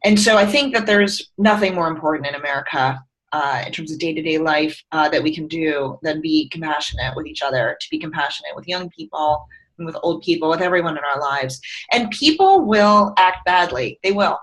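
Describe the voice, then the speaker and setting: Low-pitched and brisk, this middle-aged woman is a company founder telling stories in a conversational interview, though the audio quality is poor. She speaks earnestly and expressively, tearing up as she goes.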